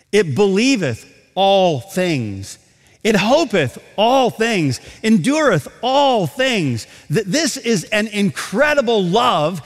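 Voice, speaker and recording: A man preaching a sermon to a congregation, animated, slowing down to stretch key phrases. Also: high voice, in a large hall. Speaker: pastor. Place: large auditorium.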